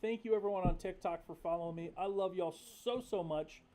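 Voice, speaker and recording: A man's voice: high-pitched, a little fast, dark tone. A young man from North Carolina, hosting a casual livestream, talking candidly and profanely with many fillers. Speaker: livestream host.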